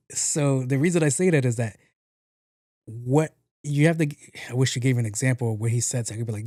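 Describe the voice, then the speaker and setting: A man riffs through casual podcast commentary, full of swearing, jokes and repeated words. His voice is mellow and warm. The sound is dry and close. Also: mid-range voice, fairly quick, no room sound. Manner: profane, joking, repeats himself. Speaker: podcast host.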